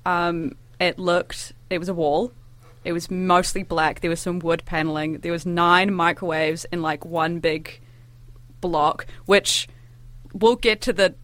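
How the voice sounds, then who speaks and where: A young woman reporting for student radio in a dry, deadpan way. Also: lowish voice, unhurried, no room sound.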